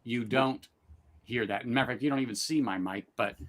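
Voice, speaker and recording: A man's voice: medium pitch, brisk. Easygoing man joking on a stream. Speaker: stream guest. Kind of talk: casual live-stream chat.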